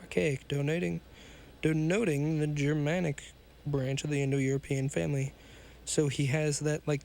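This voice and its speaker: A man reads an old pulp magazine story aloud for his podcast. His voice sits a little high, and he breaks off for casual, chatty asides and trips over the odd word. A faint hiss runs underneath. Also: level tone, moderate pace, vocal fry, darkish tone. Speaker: podcast host reading stories.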